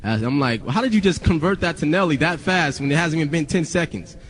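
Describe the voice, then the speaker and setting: A man's voice: a little high, expressive, fast, in a large hall, a little hiss or hum. A young man, a rapper, telling stories casually to friends, swearing often and rambling with many restarts.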